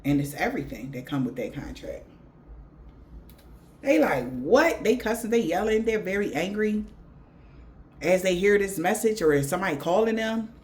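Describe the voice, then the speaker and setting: A woman's voice: medium pitch, animated, moderate pace, long pauses, darkish tone, slight background noise. A woman giving a spiritual reading in blunt, profane slang. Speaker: tarot reader.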